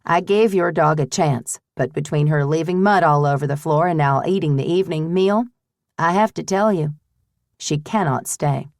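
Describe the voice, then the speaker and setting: A woman voicing a shrewd older woman who runs a boarding house, brisk, firm and teasing. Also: sits low, a little mellow, no echo, clean studio sound.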